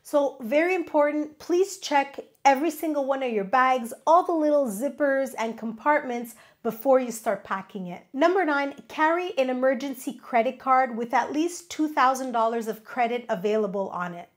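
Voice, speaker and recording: Woman, nasal from a cold, high voice, upbeat instructive host, scripted tips. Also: expressive, moderate pace, few pauses. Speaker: travel vlog host.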